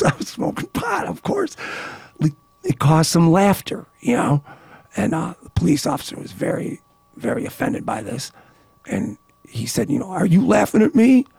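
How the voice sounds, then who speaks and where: Gravelly, husky man around sixty; lively pitch, animated storyteller, dry close sound. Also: no room sound. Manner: animated, laughing, many restarts. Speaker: guest, author. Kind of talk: casual storytelling.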